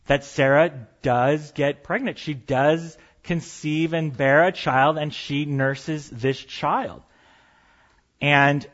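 A man's voice: fairly high pitch, a bit bright, dull audio. A man preaching a sermon as pastor, conversational and storytelling, with light humor.

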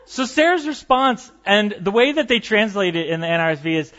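A man's voice: high-pitched, very animated, fairly quick, a bit bright, dull audio. A man preaching a sermon as pastor, conversational and storytelling, with light humor.

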